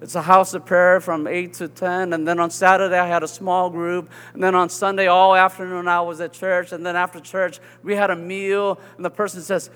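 A man's voice: high-pitched, flat delivery, moderate pace, a bit bright, clear, resonant tone, in a large hall. A man with a Southern US accent preaching a sermon as pastor, earnest and conversational, often checking in with his listeners.

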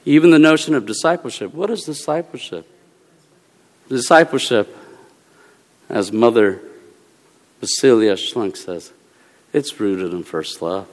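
A man who is a Presbyterian minister, giving a humorous sermon talk with animated storytelling, bursts of exclamation and laughter. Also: mid-range voice, a little slow, pauses often. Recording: long reverb of a large hall.

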